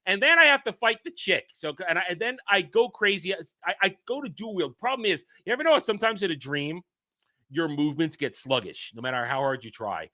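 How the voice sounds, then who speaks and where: Excitable male streamer, rambles and swears, lively pitch, highish voice. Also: a little fast. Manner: rambling, excitable, swears, swings from loud to muttering. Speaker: streamer host. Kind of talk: casual livestream rant.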